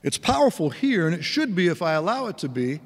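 A man's voice: high-pitched, very animated, a little fast, long reverb tail. A man preaching a sermon in an earnest, conversational way, with folksy asides. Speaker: pastor.

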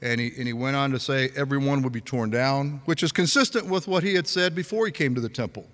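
A man's voice: mid-range voice, quick pace, a bit bright, big-room sound. A male pastor preaching a sermon, telling a story in a chatty way with frequent laughs and restarts.

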